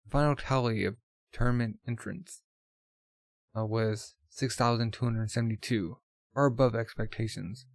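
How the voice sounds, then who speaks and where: Dude reading manga out loud, middle pitch, dry close sound, throws in jokey asides. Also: male voice, fairly even intonation, moderate pace, no echo. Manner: casual, adds jokey asides and sound effects. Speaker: manga reader.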